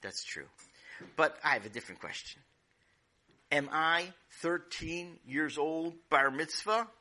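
Clever cheeky schoolboy, calm and matter-of-fact, read by a male storyteller. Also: fairly high pitch, measured pace, heavily acted. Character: clever cheeky young boy.

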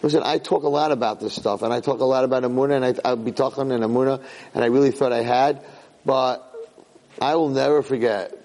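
Middle-aged man, rabbi, Torah lecture, animated, emphatic, repeats himself, medium pitch. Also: fast talker, low-quality recording. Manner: animated, emphatic storyteller who repeats words and restarts phrases. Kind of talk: Torah lecture with personal storytelling.

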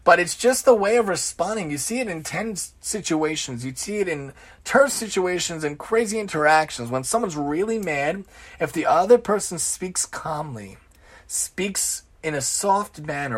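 A man's voice: on the high side, lively intonation, normal speed. A man hosting an informal Torah lesson who piles up repeated, emphatic lists. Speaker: religious teacher and show host.

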